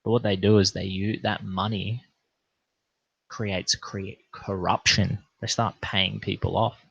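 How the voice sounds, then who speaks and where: A man's voice: fairly low pitch, little pitch movement, unhurried, creaky, slightly rough, no room sound. A young Australian man in a casual late-night livestream, rambling, laid-back and full of swearing. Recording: dull lo-fi stream audio.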